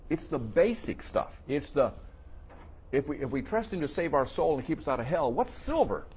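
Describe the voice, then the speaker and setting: A man preaching a sermon to a congregation, asking questions and playing out the listeners' doubts in a higher voice. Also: normal speed, slightly rough, muffled recording. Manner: animated, voices the questioners in a high mocking tone.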